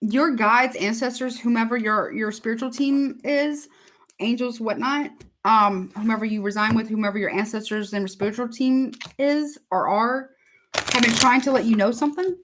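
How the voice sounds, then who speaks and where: This tarot reader's voice sits on the high side, and she speaks at a normal speed. Doing a laid-back live reading, she chats away, says things more than once, and addresses viewers as honey.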